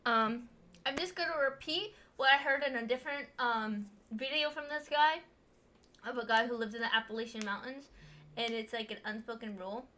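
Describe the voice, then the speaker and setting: Bright high-voiced woman reacting to clips. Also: normal speed. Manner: chatty and jokey, exclaiming and giggling. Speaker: streamer reacting to scary videos. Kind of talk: casual reaction commentary.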